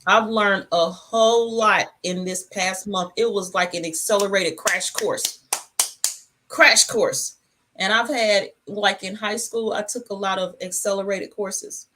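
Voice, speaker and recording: A woman hosting a casual livestream from her home, talking in a relaxed, rambling, reflective way. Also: mid-range voice, unhurried. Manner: talks with food in her mouth. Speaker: channel host.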